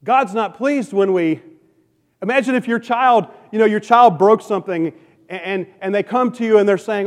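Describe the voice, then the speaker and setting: Man, pastor, sermon, high voice, emphatic then hushed, long hall reverb. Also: normal speed. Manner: preaching with wide swings between loud emphatic questions and soft hushed appeals.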